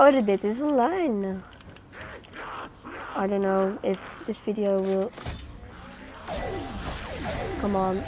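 A young woman who is not a native English speaker gives casual commentary on her gameplay. She chats along and breaks into startled exclamations. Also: medium pitch. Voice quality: chatty, bursts into startled exclamations. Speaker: gaming channel host. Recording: noisy home game recording.

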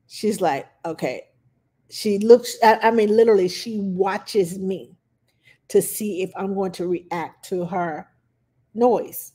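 Slow, calm-spoken nanny woman. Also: medium pitch. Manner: calm, unhurried, plain-spoken with frequent fillers. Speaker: nanny giving parenting advice. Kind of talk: casual advice talk.

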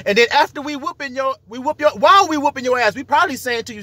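Husky, high-voiced profane preacher man. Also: fast, hardly any pauses, no echo. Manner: profane, animated, laughs and acts out quotes; cites scripture in slangy street talk. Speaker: self-styled preacher. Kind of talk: casual preaching monologue.

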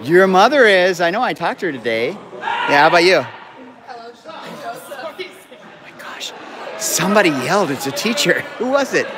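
A man with a high voice and wide swings in pitch hosts a live stream from a crowded indoor school gym, speaking at a moderate pace with frequent pauses. He jokes with students and keeps apologizing. Loud crowd chatter and noise fill the recording.

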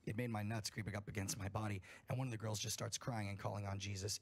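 A man with a husky, gravelly voice reads a campfire horror story aloud. He tells it in a blunt, emphatic way and swears often. His voice sits at an ordinary pitch for a man.

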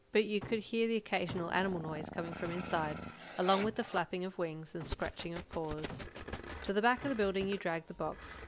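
A woman reading a fan fiction story aloud in a calm, steady narration. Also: on the low side, background noise. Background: soft backing music.

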